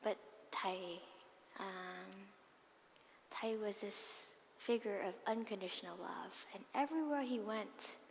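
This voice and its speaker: A woman Buddhist nun giving a dharma talk, telling personal stories expressively with soft, breathy asides. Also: mid-range voice, slow pace, slight background noise. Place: monastery meditation hall. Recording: long hall reverb with faint ambience.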